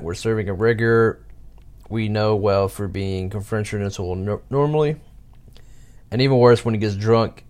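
A man with a somewhat low voice reads stories aloud in a casual, halting way. He pauses with fillers and chuckles as he adds his own remarks. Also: a little mellow. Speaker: vlogger reading stories aloud. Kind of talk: casual reading with commentary.

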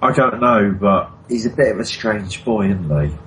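A man's voice: fairly low pitch, moderate pace, background noise. A man co-hosting a podcast, grumbling with dry sarcasm while chatting about a TV episode. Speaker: podcast co-host. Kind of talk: casual chat reviewing a TV episode.

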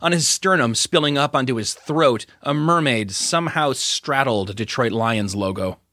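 A male audiobook narrator with a bright, forward voice, telling the story in an even, expressive way. Recorded close in a dry booth with no room sound. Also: mid-range voice, normal speed, no room sound.

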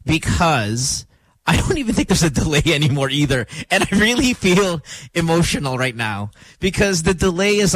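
A man hosting a morning radio show in a studio, talking casually in an animated, joking, playfully dramatic way. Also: on the high side, dry recording. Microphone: studio microphone.

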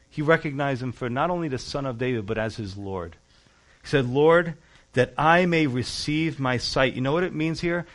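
A man preaching a sermon as pastor, reading scripture and explaining it in an earnest, conversational way, stressing key words. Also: medium pitch.

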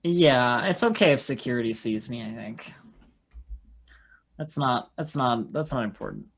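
A tabletop player talking casually, halting and thinking aloud about what to do next. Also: mid-range voice, expressive, a little hiss or hum.

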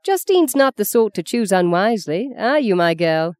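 A woman reading aloud and voicing a stern, commanding elderly grandmother with a brisk, precise way of speaking. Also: medium pitch, very animated, a little mellow, no room sound, pitched above the performer's own voice, close to an everyday voice. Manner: brisk, precise, lightly scolding.

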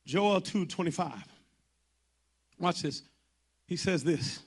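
A man's voice: high voice, takes it slowly, slightly rough. A man preaching a sermon to his congregation, impassioned and colloquial, driving his points home through repetition.

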